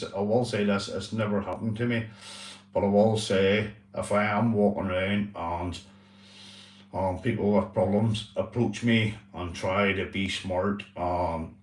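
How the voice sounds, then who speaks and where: A man's voice: on the low side, echoey room, far from the mic. A man hosting a casual livestream chat, talking earnestly and repetitively, swearing and calling his viewers "mate". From Northern Ireland. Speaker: livestream host.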